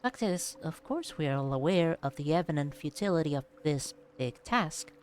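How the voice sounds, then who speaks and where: A woman voicing a wry, teasing ancient machine mind who turns reflective, in her own lower voice. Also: lively intonation, moderate pace, a little mellow, soft background music.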